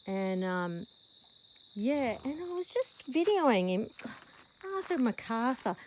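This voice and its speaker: A woman's voice: big pitch swings, very slow, a little mellow, slight background noise, low-quality recording. Chatty Australian woman coaxing her horse outdoors. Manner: chatty, rambling, coaxing the horse in a high sing-song call. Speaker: horse owner filming her rescue horse. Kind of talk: casual vlog to camera. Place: outdoors in a paddock. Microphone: handheld phone camera.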